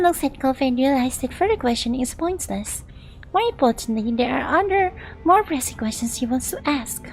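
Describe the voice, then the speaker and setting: Woman, young adult, Singaporean English accent, streamer, chatty, high voice. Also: expressive, a little fast, slightly rough, rough recording. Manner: chatty, reads narration then asides to chat. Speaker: VTuber streamer. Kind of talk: reading game dialogue aloud on stream.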